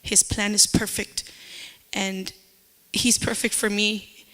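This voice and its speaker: A woman's voice: mid-range voice, little pitch movement, slow, sharp tone. A middle-aged woman giving an emotional personal testimony at church, repeating herself and slipping into Spanish phrases.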